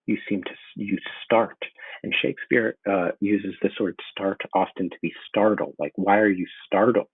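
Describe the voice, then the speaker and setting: A man's voice: sits low, normal speed, slightly rough, no room sound. A man explaining a play in a casual, eager way, reading lines aloud and breaking them down. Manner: casual, enthusiastic explaining with filler words. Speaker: teacher. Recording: tinny phone-like sound.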